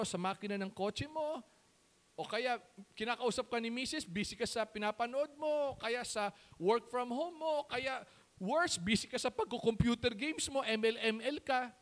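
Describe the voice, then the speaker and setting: A man's voice: very high voice, a little fast. A man with a Filipino accent, a pastor preaching a sermon in Taglish, firing rhetorical questions and answering them himself.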